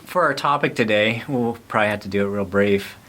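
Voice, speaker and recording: A man co-hosting a casual podcast, laughing easily and talking in halting restarts. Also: lowish voice, a bit bright. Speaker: podcast co-host.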